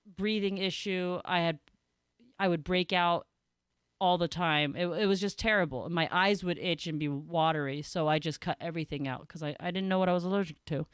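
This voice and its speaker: A woman's voice: lowish voice, normal speed, smooth, no echo. Chatty young woman with a dry sound. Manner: chatty storytelling with frequent laughter and fillers. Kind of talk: casual chat.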